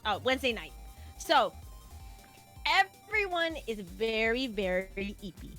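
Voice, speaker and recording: A woman telling a funny story on a livestream, animated and swearing freely as she acts out what people said. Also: fairly high pitch, measured pace, soft background music. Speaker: guest co-streamer. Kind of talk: casual storytelling chat.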